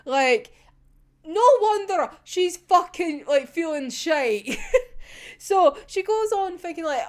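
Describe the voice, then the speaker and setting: A young woman reacting to a manga chapter in casual chat, animated, swearing often and laughing a lot. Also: high-pitched, measured pace.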